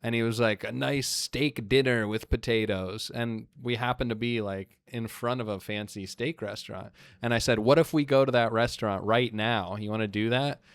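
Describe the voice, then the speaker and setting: A man in his thirties tells stories in a casual, animated way and slips into the voices of the people he quotes. His voice sounds smooth and resonant. The recording is close and dry, with no room sound. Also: mid-range voice, moderate pace, hardly any pauses, no room sound. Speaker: podcast guest, comedian. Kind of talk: casual storytelling.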